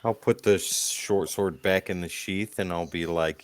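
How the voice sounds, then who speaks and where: A man playing a tabletop game, describing his character's moves in a relaxed, matter-of-fact way. His voice sits fairly low. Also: measured pace, smooth, no room sound. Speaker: player. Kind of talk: casual tabletop play.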